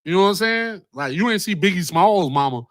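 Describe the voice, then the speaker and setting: Rambling livestream host, slangy and profane, slightly high, dry. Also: male voice, animated, a little fast, no echo. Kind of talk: casual livestream talk.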